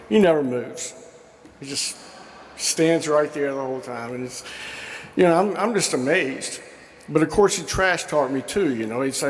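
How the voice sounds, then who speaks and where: A man telling affectionate stories at a memorial, with lots of fillers and imitations of his old coach, speaking at a podium mic in a large school gym. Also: fairly high pitch. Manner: warm storytelling with fillers, mimics quoted coach. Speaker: memorial speaker, former player. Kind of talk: anecdotal eulogy. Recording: echoey gym with long reverb.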